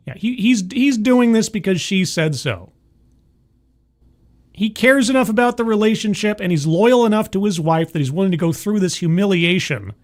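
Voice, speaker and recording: Sarcastic streamer, lively swooping voice. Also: medium pitch, moderate pace. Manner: sarcastic, exasperated, animated. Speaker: streamer reacting to a video. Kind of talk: live stream commentary.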